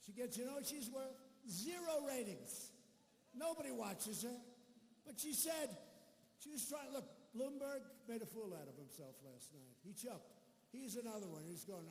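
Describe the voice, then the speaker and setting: Speaking at normal speed in a very high, animated voice with a darkish edge, a political speaker rambles and boasts through a rally speech, tossing mocking asides at a packed arena. There's slight background noise, plus faint crowd sounds echoing around the hall.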